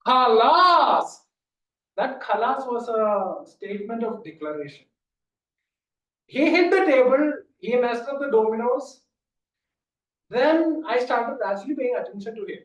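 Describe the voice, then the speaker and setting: A man's voice: very high-pitched, measured pace, muffled recording. A man giving a storytelling speech at a club meeting, acting out a conversation with a friend. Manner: lively storyteller acting out dialogue. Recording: roomy hall from a distance.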